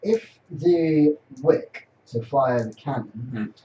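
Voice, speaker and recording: A man's voice: mid-range voice, expressive, extremely slow, dark tone, a little hiss or hum. A man playing a tabletop game, asking playful, curious questions. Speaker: player. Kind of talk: casual tabletop game chat. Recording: roomy distant dull recording.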